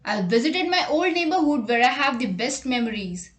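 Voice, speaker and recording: A woman reading a scripted English vocabulary lesson, saying example words and sentences slowly and deliberately. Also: high voice, sing-song, roomy sound. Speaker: English teacher.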